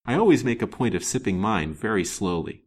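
A man's voice: fairly low pitch, big pitch swings, brisk, breathy edge. A man voicing a courteous, wary detective in a storybook reading, formal and musing in speech.

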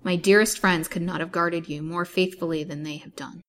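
A woman reading as an indignant, uneasy gentleman. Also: on the low side, steady tone, normal speed, slight background noise, lightly acted. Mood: abject. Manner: indignant, then abject. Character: indignant, nervous gentleman suitor.

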